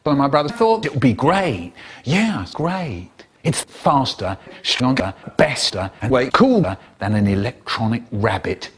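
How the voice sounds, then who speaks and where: A man telling comic stories in an animated, expressive way, in chopped-up clips. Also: mid-range voice, a little slow, faint music behind. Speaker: storyteller. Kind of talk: spliced comic storytelling clips.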